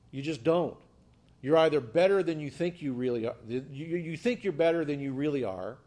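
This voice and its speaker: A man's voice: on the high side, darkish tone. A man preaching a sermon as pastor, emphatic, often repeating and restarting, asking the congregation rhetorical questions.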